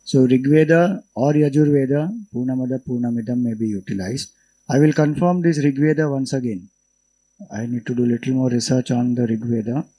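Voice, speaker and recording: A man with an Indian English accent giving an unhurried scriptural lecture, explaining Vedic chants as a spiritual teacher. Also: medium pitch, mellow, slightly rough, low-quality recording.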